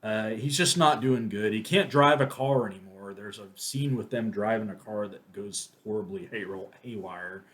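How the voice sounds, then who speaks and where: A man's voice: lowish voice, normal speed, few pauses, a bit bright. A man giving a casual, rambling spoken movie review, full of restarts and fillers. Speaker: film reviewer.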